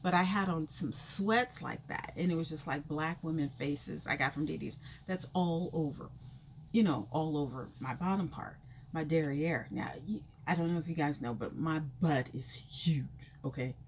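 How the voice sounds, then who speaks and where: A woman's voice: normal speed, a little hiss or hum. Chatty, rambling woman telling a story. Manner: chatty and rambling, full of "you know" fillers; animated, jumps high in pitch when acting out reactions. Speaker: vlogger telling a personal story. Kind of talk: casual storytime chat.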